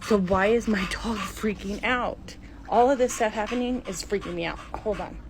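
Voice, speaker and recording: A woman's voice: mid-range voice, moderate pace. A middle-aged woman filming her house on her phone, breathless and jittery, often dropping to a whisper. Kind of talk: frightened phone recording of a haunting. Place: inside a house. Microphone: phone camera. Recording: phone recording with clear background noise.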